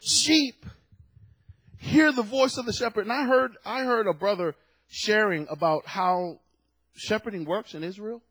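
A male pastor delivering a sermon, his high voice a little husky. He drops to near-whispers, then rises into loud, fervent stretches. The sound is close and dry. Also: measured pace, no echo. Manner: swings from hushed to loud and fervent.

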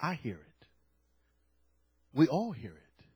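A man preaching a sermon to his church, swinging from hushed, slow phrases to loud, fervent passages. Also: mid-range voice, huge pitch swings, husky, dry recording. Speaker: pastor.

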